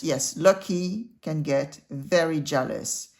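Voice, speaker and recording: Woman drawing teacher, chatty step-by-step tutorial delivery, slightly low voice. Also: animated, measured pace, darkish tone. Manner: chatty, talks the viewer through each stroke.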